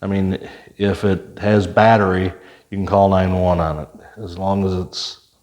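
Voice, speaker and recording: Recounting his days on the force, this older ex-cop talks plainly, often restarting and using filler words. He has a low, level, somewhat dark voice and a slightly slow delivery.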